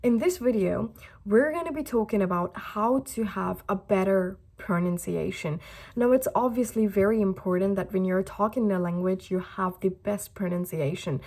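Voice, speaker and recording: A young woman from India teaches pronunciation in a chatty online lesson. She speaks with an American-style accent and a middle-pitched voice, and she keeps dropping easy fillers as she explains. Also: a little mellow. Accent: American-style English. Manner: casual and chatty, with frequent fillers. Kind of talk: YouTube lesson.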